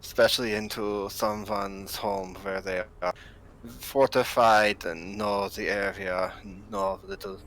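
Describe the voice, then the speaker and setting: A man's voice: fairly low pitch, fairly even intonation, measured pace, fairly bright tone. A man who plays in a tabletop game, joking at the table and turning formal in character. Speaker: player. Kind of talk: casual chat and in-character play.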